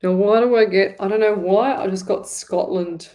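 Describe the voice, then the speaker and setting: A woman hosts a live psychic reading show at a medium pitch. She talks straight to her viewers in a loose, rambling flow. She often stops and restarts her sentences. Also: moderate pace, a little mellow. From Australia.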